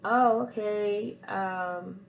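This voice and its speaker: A woman's voice: mid-range voice, fairly even intonation, drawn-out words, gravelly, muffled recording, slight background noise. A woman doing a bashful country man with a twang. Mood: sheepish. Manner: hesitant, stammering apologetic.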